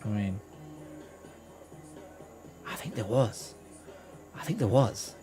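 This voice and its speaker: Guy, lively up-and-down voice, rambling swearing storyteller, faint music behind. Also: on the low side, takes it slowly. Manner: rambling, swears freely, restarts a lot. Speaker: game streamer. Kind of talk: casual storytelling on a live stream.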